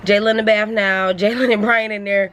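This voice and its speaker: A woman's voice: mid-range voice, little pitch movement, a little fast, fairly bright tone, a little hiss or hum, poor audio. A young woman, chatting casually in a laid-back way as she vlogs her family day. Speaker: family vlogger, mother. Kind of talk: casual family vlog chat. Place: outdoors at a park.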